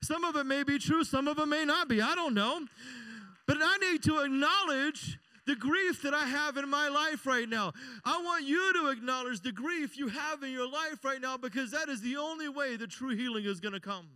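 Brief: middle-aged pastor, very high clear voice, dry close sound, chatty sermon with call-and-response. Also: male voice, moderate pace, pushed and bright, no echo. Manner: conversational preaching, frequent call-and-response "amen?".

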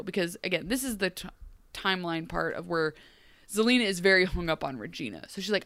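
With a fairly low voice that runs a little fast, a woman co-hosts a podcast recapping a TV episode in relaxed conversation. She animatedly acts out the characters' lines as she goes, and the recording is dry.

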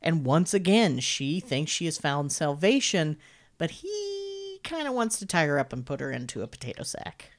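A woman co-hosting a podcast casually recaps a horror film, swearing a lot and laughing often in a lively manner. Her voice is low-pitched and her pace moderate.

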